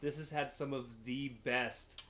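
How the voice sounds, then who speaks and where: A man's voice: mid-range voice, fairly even intonation, a little slow, bright, forceful tone. A man hosting a podcast, explaining at length in a casual review chat with frequent ums. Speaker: podcast host.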